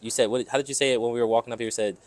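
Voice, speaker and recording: A man reflecting on his past as an interview guest, speaking in a soft, thoughtful way. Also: medium pitch, steady tone, very fast.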